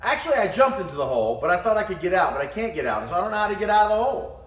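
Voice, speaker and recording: Brief: a man acting out a trapped man, high and frantic, begging for help. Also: very animated, very fast, echoey room. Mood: flustered. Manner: pleading, yelling for help. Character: panicked man stuck in a hole.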